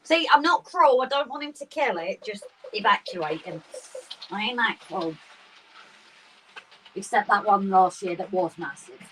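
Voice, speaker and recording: A woman's voice: medium pitch, measured pace, pauses often. Chatty woman livestreaming from a shed. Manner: chatty, excitable, laughs often. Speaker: livestream co-host. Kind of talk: casual chat on a livestream. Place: garden shed with model railway. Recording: slightly distant mic with faint room noise.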